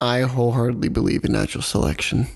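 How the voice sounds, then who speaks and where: A man's voice: medium pitch, expressive, fast, vocal fry. A man with a mid-range voice chats casually. He jokes bluntly and crudely and drifts through loose, rambling sentences. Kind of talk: casual chat.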